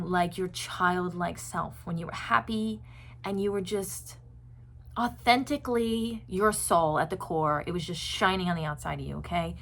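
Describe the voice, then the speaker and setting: A woman's voice: mid-range voice, vocal fry, fairly bright tone. Woman host, casual chat to viewers, earnest and rambling, lots of filler words. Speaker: self-help video host.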